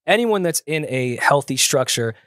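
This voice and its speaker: A man hosting a casual podcast chat, joking in a laid-back, deadpan way. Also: on the high side, moderate pace, no echo, clean studio sound.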